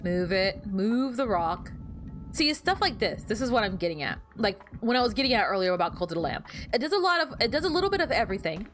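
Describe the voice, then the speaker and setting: A woman talks through her game for her stream viewers in casual, running commentary, her pitch swinging up and down as she goes. She is chatty and animated, quick to get flustered and to ask her chat questions. Faint game music plays beneath her voice.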